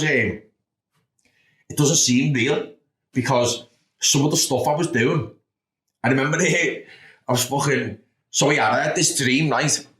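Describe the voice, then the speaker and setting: A man's voice: medium pitch, a bit bright. A man in his thirties with a Liverpool accent, telling blunt, sweary stories about his past as a podcast guest. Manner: blunt and sweary, with frequent "do you know what I mean". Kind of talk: candid storytelling. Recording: roomy echo.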